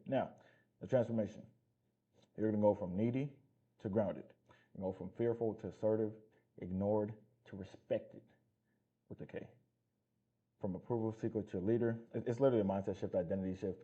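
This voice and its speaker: Male fitness coach, deep dark husky voice, blunt and profane motivational talk. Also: lo-fi sound. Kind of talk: casual motivational talk to camera.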